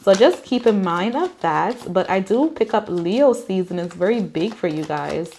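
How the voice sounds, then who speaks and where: A woman's voice: medium pitch, lively intonation, moderate pace, creaky, few pauses, dark tone, a little hiss or hum. A woman giving a casual tarot card reading, talking in a reassuring, conversational way with many fillers. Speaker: tarot reader.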